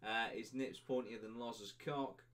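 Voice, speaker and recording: A man's voice: medium pitch, fairly even intonation, measured pace, a crowd in the background. Sweary young man hosting a podcast. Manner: crude, sweary, jokey, laughs often. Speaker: podcast host. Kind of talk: casual podcast banter reading chat comments.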